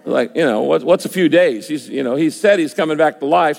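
A pastor preaches in an emphatic, conversational way and slips into the imagined voices of his listeners. His voice sits a little high and has a gravelly edge. A long hall reverb follows him. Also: fairly quick, hardly any pauses, a little mellow. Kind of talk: sermon.

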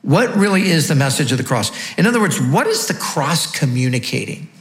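A male pastor delivering a sermon with emphatic, teaching cadence, often pausing on rhetorical questions. His voice sits a little higher than most men's. The sound carries a noticeable room echo. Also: big pitch swings.

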